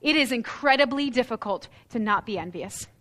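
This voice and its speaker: A woman preaching a sermon in an earnest, expressive way, reading scripture aloud and lifting her voice for emphasis. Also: fairly high pitch, moderate pace. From United States.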